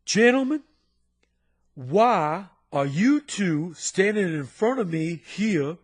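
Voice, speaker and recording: A man's voice: high-pitched, expressive, slow, breathy edge, exaggerated voice. A man voicing a stern older male school disciplinarian who questions two boys in a formal, clipped military way.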